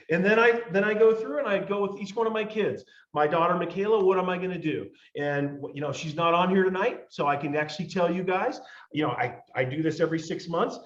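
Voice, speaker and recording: A man giving a motivational talk on a team call, emphatic and repetitive, building up to near shouts. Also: sits high, roomy sound, dull audio.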